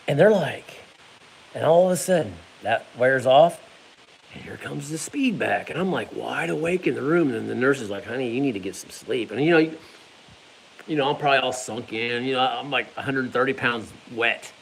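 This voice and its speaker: A man's voice: mid-range voice, expressive, moderate pace, creaky, pauses often, a little hiss or hum, low-quality recording. A man telling a casual personal story, laughing often and making sound effects. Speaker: vlogger.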